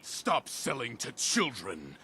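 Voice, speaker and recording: A pompous pulp-hero vigilante. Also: male voice, medium pitch, huge pitch swings, heavily acted. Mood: grandiose. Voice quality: pompous, theatrical, slow.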